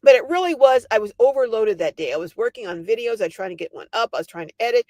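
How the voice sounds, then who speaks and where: Older woman, livestream host, fairly high voice, animated storyteller, dry close sound. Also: fast talker, dry recording. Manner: animated storytelling, laughing often. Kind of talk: casual livestream chat.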